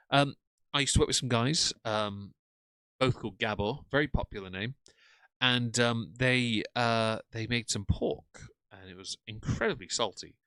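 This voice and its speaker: A man's voice: medium pitch, fairly bright tone, no room sound. Sarcastic man chatting on a live stream. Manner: chatty, sarcastic, greets chat by name. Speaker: streamer reacting to videos. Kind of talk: casual live-stream commentary.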